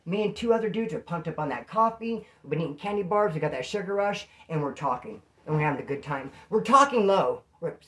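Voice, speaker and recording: A man from California telling prison stories in casual slang, animated and acting out what people said. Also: a little high, a little fast, few pauses. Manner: streetwise slang, animated, acts out quotes. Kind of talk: casual storytelling to camera.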